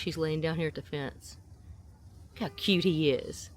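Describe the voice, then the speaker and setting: A woman, chatting casually as she films her visit to a farm, often breaking into a high, gushing voice at the animals. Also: steady tone, a little slow, a little hiss or hum. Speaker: vlogger. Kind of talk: casual outdoor vlog narration. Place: outdoor farm attraction. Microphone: handheld camera mic.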